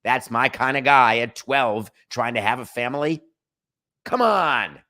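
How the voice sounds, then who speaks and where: A man's voice: medium pitch, measured pace, sharp tone. A middle-aged man hosting a sports talk show, ranting in an opinionated, sarcastic monologue. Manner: sarcastic, emphatic, rants with mock quotes.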